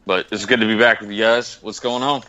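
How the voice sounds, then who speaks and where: A laid-back man with a lowish but bright, edgy voice joins a rowdy podcast chat. He cracks crude jokes over a dull lo-fi call-in line. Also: steady tone, a little fast. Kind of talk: casual profane podcast banter.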